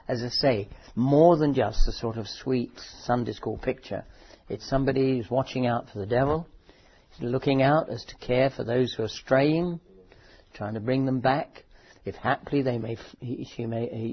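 A man preaching a sermon in a conversational, thoughtful way, often pausing and correcting himself. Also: mid-range voice, breathy edge, muffled recording. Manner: conversational, thoughtful, with frequent fillers and self-corrections.

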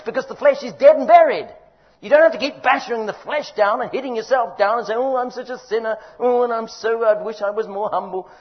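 An older man preaching a sermon, emphatic and exhorting, his voice rising loud and dropping quiet. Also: very high-pitched, husky. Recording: dull lo-fi recording.

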